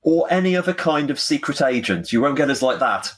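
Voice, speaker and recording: A man's voice: mid-range voice, very animated, brisk. Oblivious, hesitant older male ranger, voiced by a man; rambling bluffs. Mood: bluffing.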